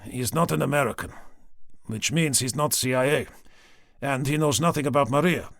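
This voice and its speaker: A male narrator voicing a weary, cynical middle-aged police inspector with a gruff, dry delivery. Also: medium pitch, normal speed, a bit bright, no room sound. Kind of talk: audiobook character voice.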